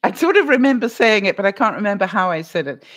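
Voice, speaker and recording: A woman's voice: mid-range voice, sing-song, quick pace, fairly bright tone. A middle-aged woman hosting a live stream, chatting casually with viewers in a rambling way, with frequent laughs and many fillers. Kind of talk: casual chat reading viewer comments.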